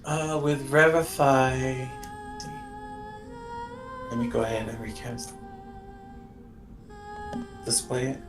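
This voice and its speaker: A man's voice: mid-range voice, takes it slowly, pauses often, reverberant, loud music behind the voice. A man playing a tabletop game, reading out a spell rule and asking the game master a question. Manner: checking rules, reading aloud. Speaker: player. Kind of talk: tabletop role-play.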